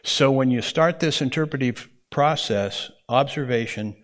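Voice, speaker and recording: A man's voice: medium pitch, a little slow. A man teaching a Bible interpretation class, explaining in a folksy way and often checking in with the room. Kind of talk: classroom lecture.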